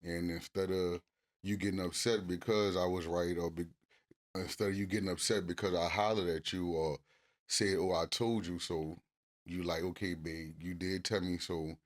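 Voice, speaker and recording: A man co-hosting a couples podcast, talking casually and cursing freely, getting loud and animated when he acts out arguments. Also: low voice, normal speed. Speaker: podcast co-host.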